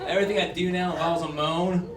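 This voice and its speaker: A man in his forties doing a stand-up set, jumping into quick character voices as he talks. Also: sits high, fairly even intonation. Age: 40s. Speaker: stand-up comedian. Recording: roomy club sound from a distant mic, loud crowd noise.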